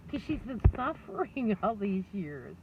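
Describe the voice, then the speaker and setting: A woman's voice: medium pitch, big pitch swings, unhurried. A middle-aged woman rambling candidly to camera, laughing often and mocking herself. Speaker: vlogger. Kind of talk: candid personal monologue. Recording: distant, dull lo-fi mic with faint noise.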